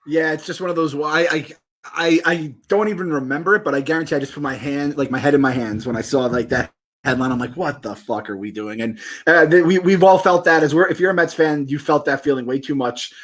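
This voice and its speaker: A man's voice: on the high side, fast. A young man co-hosting a sports podcast, chatting animatedly with stumbling restarts and casual swearing. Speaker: podcast co-host.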